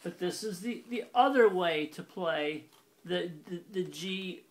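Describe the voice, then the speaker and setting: An accordion teacher with a high-pitched, expressive voice speaks at a slow pace in a casual instructional demo. He lays out each step plainly and methodically and sometimes stops to correct himself, while an accordion plays loudly underneath.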